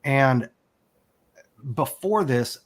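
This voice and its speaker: Guest, male, 40s, mid-pitched, frank emotional storyteller who swears freely. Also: animated, drawn-out words. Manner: candid and emotional, swears casually. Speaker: podcast guest. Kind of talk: personal storytelling.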